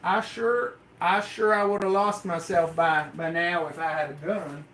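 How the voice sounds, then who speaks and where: A man's voice: sits high, fairly even intonation, a little slow, fairly bright tone. A man from Canada chats with his live-stream audience in a playful, teasing way, taking his time over each line. His voice bounces around a roomy, echoey room, with faint noise underneath. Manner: playful, joking banter with chat. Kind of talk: casual live-stream chat. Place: indoor room with pet snakes.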